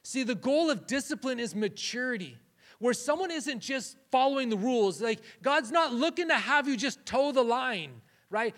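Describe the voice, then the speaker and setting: A man's voice: very high voice, lively intonation, normal speed, a bit bright. A man giving a conversational sermon, often restarting phrases and saying "like". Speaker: preacher.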